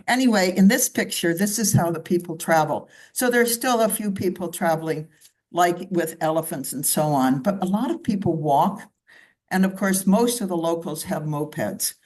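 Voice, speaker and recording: A woman's voice: deep voice, a little mellow. A woman from Canada speaking at a club meeting, walking listeners through her slides in a conversational way with asides. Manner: conversational, with asides and side remarks. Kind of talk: slide presentation talk.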